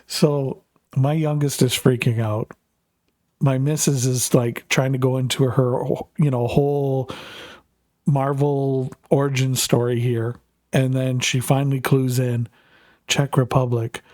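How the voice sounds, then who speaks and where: A man's voice: medium pitch, little pitch movement, measured pace, darkish tone, no room sound, studio quality. A middle-aged Canadian man, a streamer, telling a rambling family story with lots of fillers while gaming.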